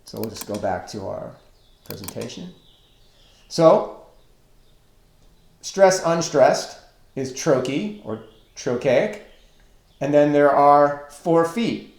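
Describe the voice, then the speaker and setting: A man teaching a recorded online lesson on poetic meter, slow and deliberate as he counts out stresses and feet. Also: on the high side, very animated, vocal fry, darkish tone. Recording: echoey room.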